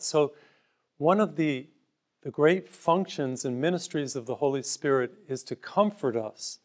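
A man's voice: on the high side, moderate pace, a little mellow. A man preaching a broadcast sermon, telling everyday stories to make his point and offering free booklets to listeners. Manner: conversational storytelling with everyday parables.

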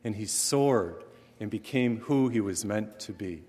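A middle-aged man from western Massachusetts, a priest preaching a sermon with animated emphasis and light humor. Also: on the low side, a little slow. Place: church. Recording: long reverb from a large hall.

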